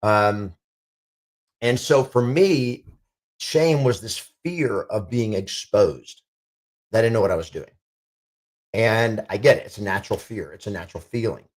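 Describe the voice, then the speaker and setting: A man's voice: fairly low pitch, a little slow, pauses often. A middle-aged man coaching real estate agents in a motivational talk, punchy and repetitive.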